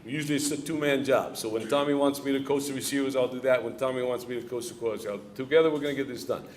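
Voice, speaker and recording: A middle-aged head football coach races through answers to audience questions at a club luncheon, his medium-pitched voice fairly even, with a little hiss or hum. He stays plainspoken in a coaching cadence, repeating key lines for emphasis, in an event hall before a live crowd.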